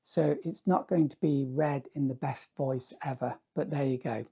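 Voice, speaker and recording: A man, an artist, talking casually to the camera in a rambling, musing way with a hoarse voice that is going dry. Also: mid-range voice, fairly even intonation, moderate pace, mellow. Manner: rambling, musing, often asks "yeah?".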